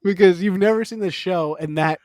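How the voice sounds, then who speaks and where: A man co-hosting a podcast in casual chat, animated and rambling, laughing often as he talks. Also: high voice, a little fast, no echo. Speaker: podcast co-host.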